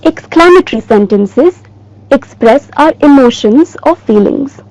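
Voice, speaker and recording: A woman teacher giving a recorded lesson in a slow, clear, emphatic way. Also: high voice, animated, a little mellow, no echo, lo-fi sound.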